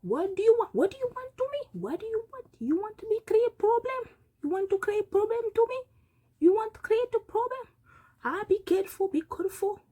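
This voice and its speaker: A woman's voice: very high voice, very animated, fairly quick, mellow, pitched above the performer's own voice. A woman putting on the voice of a wise old man who lectures and scolds, repeating words for emphasis. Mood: defiant.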